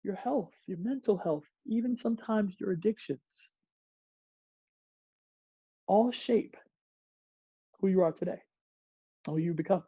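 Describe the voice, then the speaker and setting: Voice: mid-range voice, unhurried, long pauses, breathy edge, no room sound, dull audio. A presenter giving a diversity workshop to a group in a playful way, acting out examples and laughing often.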